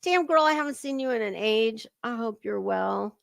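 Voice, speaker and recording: A woman's voice: a little high, lively intonation, moderate pace, creaky, dry recording, clean studio sound. A woman hosting a casual livestream commentary, chatty and swearing freely as she greets her chat viewers by name.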